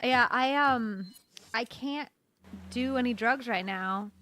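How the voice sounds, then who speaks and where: A woman's voice: a little high, slow, a little hiss or hum. A young woman co-hosting a gameplay video, chatting casually and giggling a lot. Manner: giggly and animated. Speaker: co-host.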